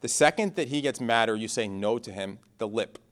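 A young man who is a pastor, preaching in a conversational, animated way, telling personal stories and moving between loud and hushed passages. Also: mid-range voice, fairly quick.

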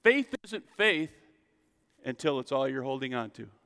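A man preaching a sermon as a pastor, reading scripture and building to loud, emphatic calls to the congregation. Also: medium pitch, very animated, a little slow, clean tone, long reverb tail. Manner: preaching with rising, shouted emphasis and call-and-response asides.

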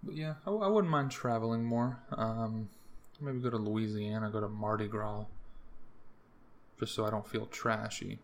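A young man from the US East Coast hosting a podcast alone, rambling through profane, jokey rants with sudden jumps in pitch. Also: normal speed. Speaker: podcast host. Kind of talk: casual solo rambling monologue.

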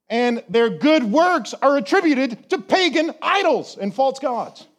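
Man, pastor, sermon, high voice, conversational, rhetorical questions, emphatic pauses. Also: very animated.

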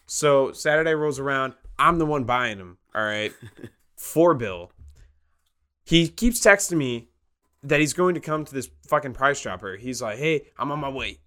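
A man's voice: mid-range voice, animated, a little slow, bright, forceful tone, smooth. Young man telling a sweary story. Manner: swears a lot, laughs while telling stories. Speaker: podcast co-host. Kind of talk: casual storytelling chat.

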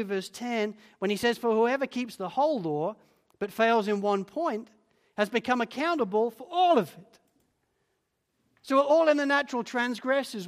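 A man preaching a sermon as a pastor, earnest and pleading, sinking to a hush on key lines. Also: very high voice. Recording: long church reverb.

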